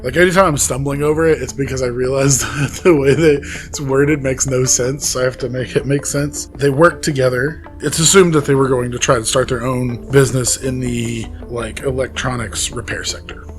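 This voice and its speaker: A man's voice: mid-range voice, steady tone, moderate pace, hardly any pauses, soft background music. A man co-hosting a podcast, casually retelling a case with fillers and laughs. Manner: conversational storytelling with fillers and laughs. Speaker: podcast co-host. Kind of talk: casual chat.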